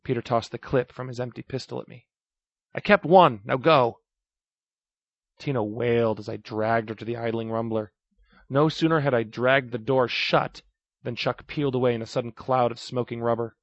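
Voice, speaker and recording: A man reading a first-person story aloud, raising his voice to act out the shouted lines. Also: medium pitch, fairly even intonation, brisk, dry recording. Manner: acts out shouted lines of dialogue. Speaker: narrator. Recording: dry, slightly dull recording.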